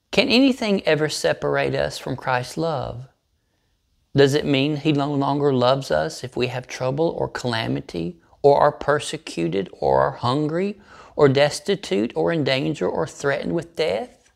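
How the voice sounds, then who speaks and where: A man leading a morning devotional as pastor, reading scripture slowly with deliberate emphasis. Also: a little high, lively intonation, gravelly.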